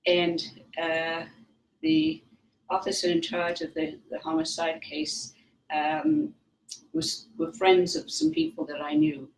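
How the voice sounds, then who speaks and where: An older woman with a Welsh accent, a psychic guest telling anecdotes in an interview, lively and acting out other people's lines. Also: lowish voice, slow, gravelly. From Wales. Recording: roomy, distant mic, faint noise.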